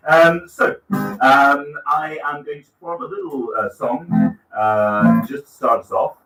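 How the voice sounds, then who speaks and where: A man's voice: mid-range voice, slow pace, a bit bright. Rambling man hosting an open mic. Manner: rambling, self-mocking, lots of fillers. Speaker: open mic host and singer. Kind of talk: casual stage patter and comic song with guitar. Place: small bookshop stage, live audience. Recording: roomy bookshop, mic at a distance. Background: guitar.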